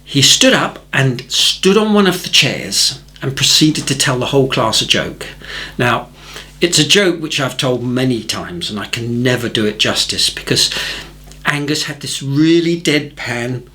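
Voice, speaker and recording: A middle-aged man narrating a watercolour painting tutorial in a chatty, gently humorous way. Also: medium pitch. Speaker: watercolour teacher.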